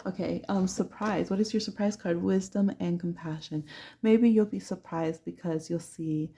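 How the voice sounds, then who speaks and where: A woman's voice: lowish voice, fairly even intonation, moderate pace, dark tone, a little hiss or hum. A woman giving a chatty pick-a-card tarot reading who laughs often and acts out little voices. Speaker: tarot reader.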